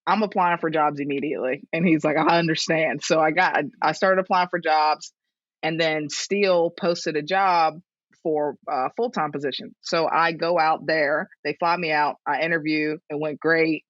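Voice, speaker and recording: With a voice that sits low and no echo on the recording, a woman in her thirties, a strength and conditioning coach, tells stories as an interview guest in a casual setting. She's lively, laughs often, and acts out what others said in a raised voice. The lo-fi audio sounds dull and dry.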